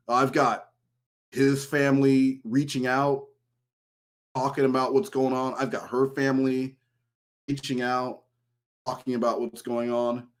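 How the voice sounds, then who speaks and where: A man tells a long personal story in relaxed podcast chat. His voice sits in a middle pitch, and he gets animated whenever he quotes someone. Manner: storytelling, animated when quoting an ex. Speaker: podcast guest. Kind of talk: casual chat.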